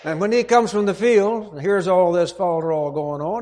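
A man's voice: high voice, moderate pace, few pauses, a little mellow. A man preaching a sermon, retelling a parable in an earnest, emphatic storytelling manner.

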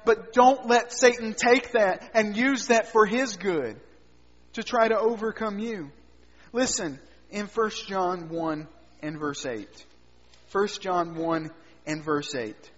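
A man preaching a sermon, swinging between loud emphatic lines and quiet low asides. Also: a little slow. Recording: dull sound with long hall reverb.

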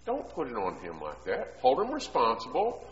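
A middle-aged man preaching a sermon, telling homely stories in a conversational way that swells into loud, emphatic preaching. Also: mid-range voice, huge pitch swings, normal speed. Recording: echoey hall, dull sound.

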